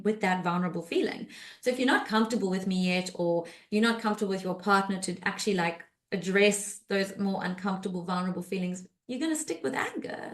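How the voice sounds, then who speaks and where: A woman therapist talking casually on a podcast, conversational with many fillers and restarts, and acting out quoted speech in lively voices. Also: medium pitch.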